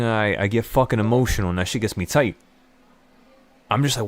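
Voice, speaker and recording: A low-pitched man pours out an emotional motivational monologue, rambling and stumbling over his words as his excitement spills over. The recording is dry and close, with no room sound. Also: moderate pace, long pauses, no room sound. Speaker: trading channel host.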